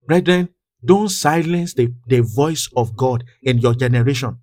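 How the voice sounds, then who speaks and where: A man's voice: unhurried, no echo. Fervent preacher man, dry close sound. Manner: fervent, grows louder and higher in pitch as he builds; reads scripture in King James wording. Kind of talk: sermon.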